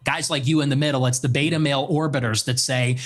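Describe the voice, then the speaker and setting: A man's voice: mid-range voice, steady tone, fast talker. Young man debating, dismissive tone. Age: 20s. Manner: combative, dismissive retorts. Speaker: interview guest. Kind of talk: heated debate.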